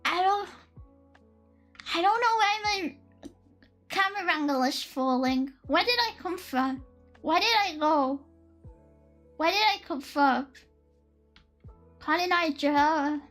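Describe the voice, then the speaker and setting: A young woman streaming live in casual chat, excitable and giggly, swearing freely as she thinks aloud. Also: very high-pitched, slow, long pauses. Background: faint lo-fi music.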